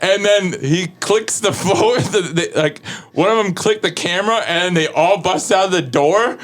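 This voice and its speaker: With a high-pitched voice and a moderate pace, this man, a firefighter guest with a Chicago-area American accent, tells a story in easygoing conversation. His speech is full of fillers, acted-out quotes and frequent laughter.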